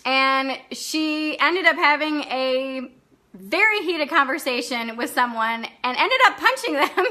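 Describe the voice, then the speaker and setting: Blunt, high-voiced woman coach. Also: lively intonation, slow pace, bright, forceful tone. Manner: blunt and outspoken, swears freely, laughs often. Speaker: life coach hosting a live class. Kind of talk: unscripted live-stream talk answering viewer comments.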